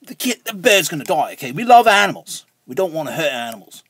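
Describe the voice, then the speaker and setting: A man's voice: on the high side, very animated, fast talker, a bit bright, breathy edge, no echo, full character voice. A man playing a rambling, preachy vegan kids TV host who talks down to children and repeats his words, with music underneath. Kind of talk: comedic kids-show parody.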